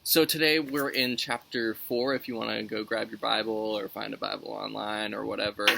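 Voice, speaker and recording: A man's voice: lowish voice, level tone, moderate pace, gravelly, pushed and bright, slight background noise, low-quality recording. A man leading a youth Sunday school lesson outdoors, talking in a friendly, conversational way as he reads and explains scripture. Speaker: youth minister.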